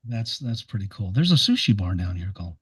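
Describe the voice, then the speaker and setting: A man's voice: on the low side, very animated, fairly quick, slightly rough. An American man hosting a music podcast, chatting in a rambling, enthusiastic way. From United States. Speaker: podcast host. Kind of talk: casual interview chat.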